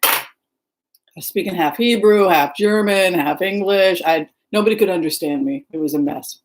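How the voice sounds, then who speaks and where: On a low-quality recording, a middle-aged woman from the Seattle area of Washington chats casually with her livestream viewers, rambling and calling them by name. Her voice is fairly low in pitch and her speed normal.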